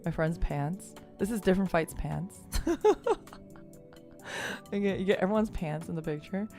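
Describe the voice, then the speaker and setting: A woman streamer telling a story in casual chat, animated and laughing often, with lots of "like" and fillers. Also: on the low side, moderate pace, faint music behind.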